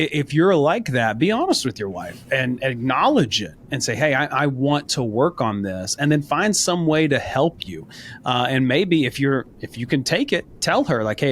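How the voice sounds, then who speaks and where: A man's voice: mid-range voice, a little hiss or hum. A man co-hosting a men's faith podcast, talking in an earnest, encouraging way and telling stories from his experience. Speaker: podcast co-host. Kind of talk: casual faith podcast talk.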